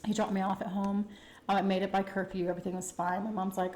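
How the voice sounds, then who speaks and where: A woman with a Texan accent telling a candid, chatty personal story to her viewers, full of fillers and animated retellings. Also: mid-range voice, quick pace, reverberant. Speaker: food vlogger telling a story. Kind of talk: casual storytime chat.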